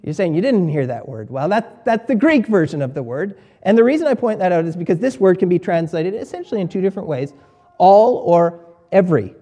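A man preaching a sermon as pastor, emphatic, repeating key words and swinging between quiet and loud. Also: high-pitched, big pitch swings, a little fast, husky.

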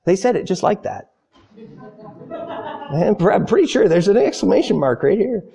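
A man with a high, light voice preaching a sermon. He is an animated storyteller who acts out panicked voices, then slows and softens on the phrases he wants to stress. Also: gravelly.

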